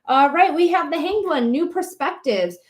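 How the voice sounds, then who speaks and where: A woman's voice: high-pitched, animated, moderate pace. A woman giving tarot readings on a live stream, chatting to her viewers and pets between cards. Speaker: psychic tarot reader.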